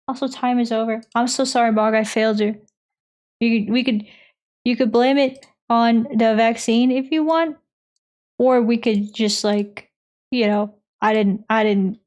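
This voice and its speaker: A woman's voice: fairly high pitch, steady tone, moderate pace, darkish tone. A young woman streaming a puzzle game, thinking aloud in a rambling, jokey way and chatting with her viewers, sounding tired and foggy. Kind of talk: casual live-stream chat while gaming.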